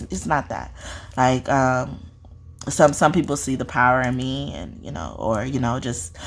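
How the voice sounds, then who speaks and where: A woman's voice: rumbling low, a little hiss or hum. A woman who reads spiritual messages, chatting casually to viewers in a rambling way, full of fillers and laughter. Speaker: spiritual reader.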